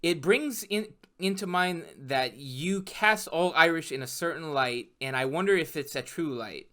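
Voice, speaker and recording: A man's voice: a little high, a little slow, sharp tone. A man co-hosting a talk show, teasing and playfully contradicting his partner in casual banter. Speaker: podcast co-host.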